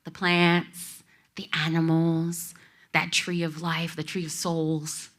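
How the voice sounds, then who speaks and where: Heartfelt woman with a bright, forceful voice. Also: sits low, monotone, slow. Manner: emotional, heartfelt, addresses audience directly. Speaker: speaker. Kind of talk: inspirational personal storytelling. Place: expo talk before an audience.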